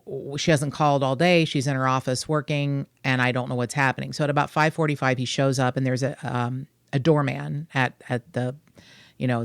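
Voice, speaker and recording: A woman from Kentucky with a Kentucky accent, hosting a true-crime podcast in a sarcastic, animated, blunt way. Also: very deep voice, no room sound, studio quality. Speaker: podcast host.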